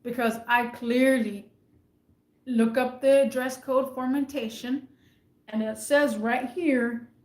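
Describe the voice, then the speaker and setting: A retail worker rants to camera about her managers, emphatic and indignant, hammering her points home by repeating them. Her voice is on the high side with fairly even intonation, and she speaks slowly in an echoey room.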